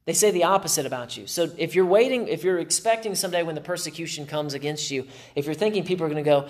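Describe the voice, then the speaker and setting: A man's voice: a little high, expressive, fast talker, hardly any pauses. A male pastor preaching a sermon in an emphatic way, with dry sarcastic humor.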